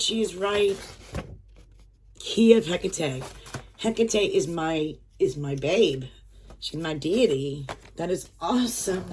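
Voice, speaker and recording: A woman vlogger chatting casually as she unboxes items at home, excitable, gasping and dropping to whispers with delight. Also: on the low side, takes it slowly, long pauses, a little hiss or hum.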